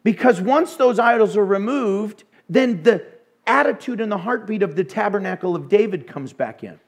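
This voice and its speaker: A male pastor preaching a sermon in an animated way, acting out voices with sudden hushes and bursts. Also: high-pitched, normal speed.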